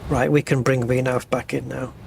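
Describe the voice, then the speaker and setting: Gravelly, chatty flight sim streamer man. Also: mid-range voice, flat delivery, moderate pace, noisy background. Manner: chatty, reads and answers chat while flying. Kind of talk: casual live-stream chat over gameplay.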